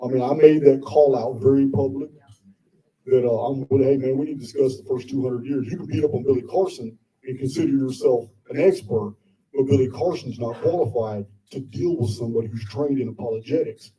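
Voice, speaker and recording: A man's voice: medium pitch, brisk, dark tone, distant mic, rough recording. A man presenting live to an audience, talking bluntly and combatively with frequent swearing. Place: indoor meetup venue with audience.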